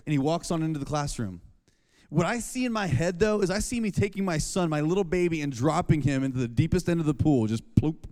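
Man, thirties, youth pastor, conversational sermon, slightly high voice, long hall reverb. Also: animated, a little fast, a little mellow. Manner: conversational, jokey, acts out family scenes. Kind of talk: sermon to high school students.

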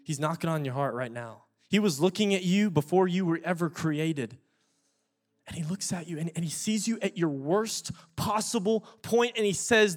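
This young adult man is a pastor delivering a sermon with an altar call. His voice sits high and his pace is moderate, and he pleads earnestly, repeating words for emphasis.

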